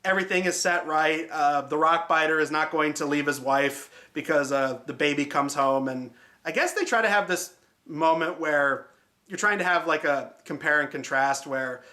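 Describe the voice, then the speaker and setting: At normal speed, a film review show host speaks in a fairly high, bright, forceful voice, mocking things sarcastically in a casual way and swearing often.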